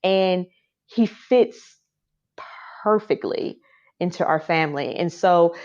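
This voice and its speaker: A woman's voice: lowish voice, takes it slowly, a little mellow. A woman as a podcast guest, telling a personal story in a heartfelt, emotional way with many fillers. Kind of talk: casual interview storytelling. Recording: dull lo-fi sound.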